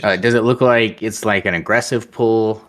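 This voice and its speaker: A man's voice: fairly low pitch, fairly even intonation, moderate pace, fairly bright tone. A man playing a tabletop game, talking casually and hesitantly. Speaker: player.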